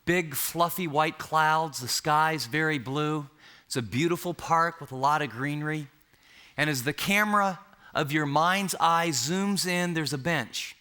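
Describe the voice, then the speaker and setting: A man's voice: on the high side, unhurried, bright, forceful tone, clear, resonant tone. A male pastor preaching a sermon, vividly painting a scene for his listeners. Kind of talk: sermon storytelling.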